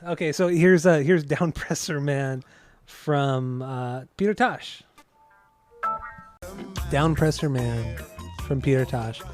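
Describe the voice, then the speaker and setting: A man co-hosting a music podcast in casual chat, relaxed and enthusiastic as he talks through the music. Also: mid-range voice, takes it slowly, pauses often. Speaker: podcast co-host.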